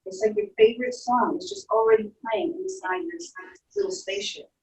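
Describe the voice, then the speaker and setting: A woman's voice: fairly high pitch, big pitch swings, fairly quick. Echoey woman telling a guided story. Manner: soft storytelling, playful sound effects. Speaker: instructor leading a guided visualization. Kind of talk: guided imagination story for children. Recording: echoey room, distant from mic.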